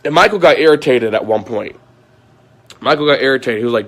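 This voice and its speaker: A man's voice: mid-range voice, lively intonation, a little fast, fairly bright tone. Aggrieved man ranting to viewers. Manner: aggrieved, repetitive, swears often. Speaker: vlogger.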